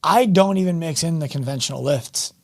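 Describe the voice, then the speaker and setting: A man's voice: on the high side, fairly quick. A man hosting a fitness podcast and interviewing a guest, chatty, asking long winding questions. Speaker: podcast host and fitness coach. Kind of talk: casual interview talk.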